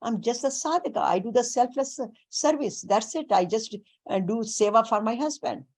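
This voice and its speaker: A woman voicing a humble, devoted village housewife in a spiritual story, speaking calmly and plainly. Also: a little high, moderate pace.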